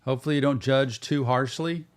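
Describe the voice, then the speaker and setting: Speaking smoothly and briskly with fairly even intonation at a medium pitch, a middle-aged man hosts a music reaction show as a therapist. He chats casually to viewers, saying "y'all" in an earnest, encouraging manner.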